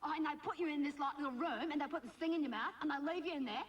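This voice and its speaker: A woman's voice: sits high, very fast, highs cut off, close to an everyday voice. A woman playing a cheeky, bratty teenage schoolgirl with an Australian accent, gossiping in a whiny, chatty way full of "you know". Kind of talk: sketch comedy monologue. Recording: distant noisy TV recording.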